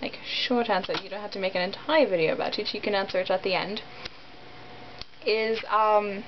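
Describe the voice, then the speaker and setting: A woman's voice: medium pitch, steady tone, moderate pace. A young American woman vlogging in a rambling, giggly way, full of ums and likes. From United States. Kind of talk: casual chat to camera. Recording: dull lo-fi sound with faint noise.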